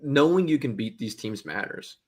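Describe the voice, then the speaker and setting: A man's voice: mid-range voice, expressive, moderate pace. A man co-hosting a casual sports talk show, making blunt, opinionated points with rhetorical questions. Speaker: podcast co-host.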